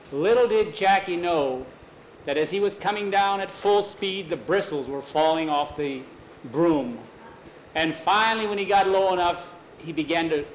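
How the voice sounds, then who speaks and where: A man telling a story aloud in a lively, expressive way. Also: fairly high pitch, a little hiss or hum. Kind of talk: animated storytelling. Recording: echoey room with faint ambience.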